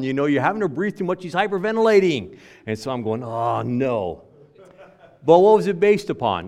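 A middle-aged man preaching a sermon, telling a personal story with frequent restarts and swings between loud and soft. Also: mid-range voice. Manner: lively storytelling, repeats words, varies volume widely.

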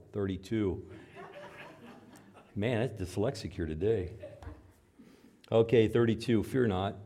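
A middle-aged man preaching a sermon, swinging between loud, high outbursts and low, quiet asides as he acts out dialogue between God and doubters. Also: creaky, slightly rough. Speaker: pastor.

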